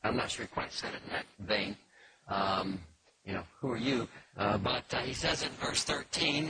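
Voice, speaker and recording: A man teaching through a Bible passage in a measured, explanatory way, pausing often with fillers. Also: lowish voice. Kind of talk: expository Bible lesson. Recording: noisy recording with faint clicks.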